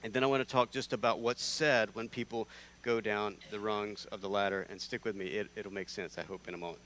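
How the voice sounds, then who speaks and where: A man from North Carolina, preaching a conversational sermon in a church, lively and prone to restarting his sentences. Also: lowish voice, fairly quick, a little hiss or hum. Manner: animated, conversational, with repeated restarts.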